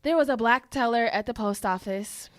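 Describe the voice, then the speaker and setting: A woman co-hosts a casual podcast. She tells stories in an animated way and swears freely. Her voice sits a bit high and sounds dry and close to the mic. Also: normal speed, no echo. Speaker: podcast co-host. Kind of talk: casual chat.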